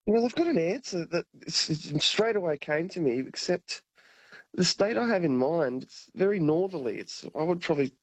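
A man calls in to a radio quiz and thinks out loud before he answers. His voice sits slightly high and sounds dry and close. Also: lively intonation, moderate pace, breathy edge, no room sound, rough recording. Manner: thoughtful, thinks aloud. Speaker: radio caller. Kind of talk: casual talkback call.

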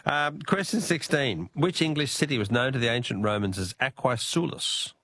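A man hosts a call-in radio quiz in a friendly, bantering way, laughing often between questions. His voice sits at a middle pitch and is recorded dry and close in a studio. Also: normal speed, fairly bright tone, no room sound.

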